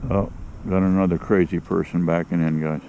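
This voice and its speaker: A man with a fairly low voice rambles through a story, stumbling over and repeating words as he talks. He is outdoors at a fishing spot at first light, a little way off from the camera mic. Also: little pitch movement, brisk, warm tone, lo-fi sound, slight background noise. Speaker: outdoors vlogger. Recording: voice a bit distant from the mic.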